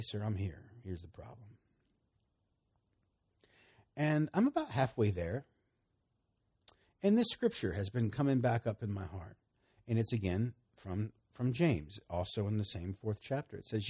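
A middle-aged man preaching, telling a personal testimony with animated storytelling, his voice jumping up when he gets excited. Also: on the low side, slightly rough. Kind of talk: sermon testimony.

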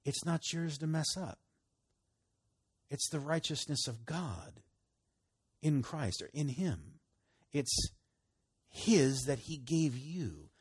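A man preaching a relaxed, conversational sermon, his voice rising for emphasis and dropping to a murmur. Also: takes it slowly, long pauses, slightly rough. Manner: conversational, swinging between loud emphasis and low murmurs. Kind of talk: sermon teaching.

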